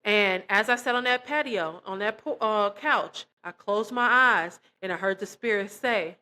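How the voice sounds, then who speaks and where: A woman of ordinary, mid-range pitch recounts her personal faith story in loose, conversational storytelling. She speaks earnestly and with feeling, often turning to her listeners directly as if chatting with friends. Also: unhurried, pushed and bright. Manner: emotional, earnest, addresses listeners as "y'all". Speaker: christian testimony vlogger. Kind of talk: personal testimony, casual storytelling.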